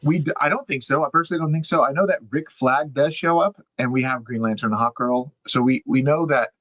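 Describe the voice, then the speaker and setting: A man's voice: mid-range voice, fast talker, a bit bright, no room sound, rough recording. A young man co-hosting a podcast, explaining things in a casual, chatty way with plenty of fillers. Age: young adult. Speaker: podcast co-host.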